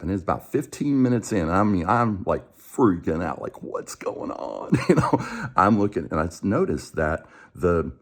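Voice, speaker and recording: A man's voice: sits low, breathy edge. A man who coaches and hosts a show tells a personal story in a conversational way, acting out the dialogue and often restarting his sentences.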